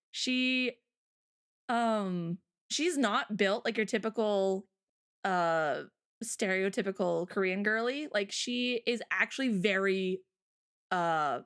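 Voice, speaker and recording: A woman's voice: medium pitch, a bit bright, smooth. A woman hosting a casual chat, telling stories in a bubbly, giggly way. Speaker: host.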